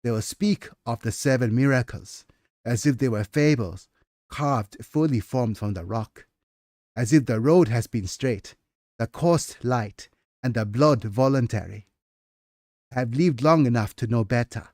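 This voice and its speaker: A man voicing a solemn, aging male witness who reflects wearily on the past, reading his own fiction slowly and gravely. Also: mid-range voice, darkish tone, dry recording, studio quality, natural voice. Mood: solemn, reflective.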